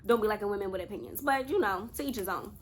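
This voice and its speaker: A woman's voice: mid-range voice, rapid-fire. A young woman telling a casual storytime to her viewers, chatty and talking straight to them. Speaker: vlogger.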